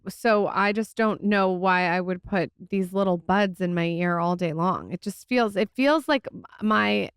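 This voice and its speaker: A woman's voice: medium pitch, unhurried, hardly any pauses, clean tone, dry recording, clean studio sound. A woman in her thirties co-hosting a podcast, chatting casually and a bit hesitantly. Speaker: podcast co-host.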